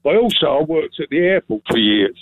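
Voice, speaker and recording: A man's voice: fairly high pitch, very animated, a little fast. A man calling in to a radio phone-in, chummy and matey with the host. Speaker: caller. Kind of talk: phone-in call. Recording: tinny dry phone line.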